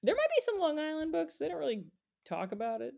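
Casual male co-host, chatty with frequent laughs, very lively intonation. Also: extremely high pitch, fast talker, gravelly, muffled recording. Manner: chatty, animated, laughs often. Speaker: podcast co-host. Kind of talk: casual chat about picture books.

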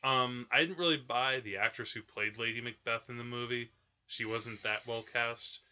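A man's voice: medium pitch, fairly even intonation, normal speed, pushed and bright, clean tone, dull audio. A man hosting a podcast, chatting casually about old films with lots of fillers and restarts. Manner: rambling, many fillers and restarts. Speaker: podcast host. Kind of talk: casual film discussion.

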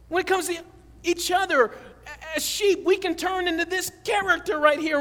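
A man preaches to his congregation in a strikingly high voice. He keeps it conversational, joking and asking them questions. His voice rings out with the long reverb of a large church sanctuary. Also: a bit bright. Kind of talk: sermon.

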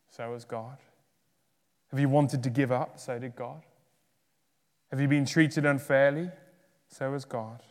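A man preaching a sermon in a church hall, his voice carrying a long reverb through the room. He swings between forceful, raised climaxes and quiet, drawn-down closes. His pitch sits in an ordinary middle range. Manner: dynamic, swinging from loud emphatic peaks to hushed low endings.

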